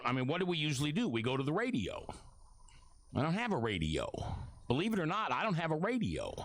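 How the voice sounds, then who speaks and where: Middle-aged man with a lively rambling talk. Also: mid-range voice. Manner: rambling, apologetic, reminiscing. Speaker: radio and webcast host. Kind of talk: casual talk radio. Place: radio studio.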